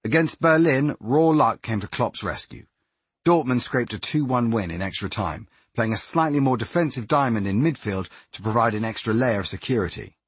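A man reading a nonfiction sports book aloud as narrator, telling it in a measured way. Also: medium pitch, lively intonation, husky, no room sound. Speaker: audiobook narrator. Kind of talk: scripted narration.

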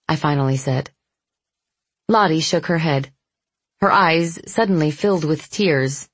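A woman reading a first-person novel as an audiobook narrator, measured and even. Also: deep voice, slightly rough, no room sound.

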